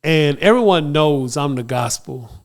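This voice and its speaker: A man's voice: fairly high pitch, expressive, a little slow. Slangy podcast host man. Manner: emotional, slangy storyteller, many backchannels. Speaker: podcast host and radio morning show host. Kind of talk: casual podcast chat.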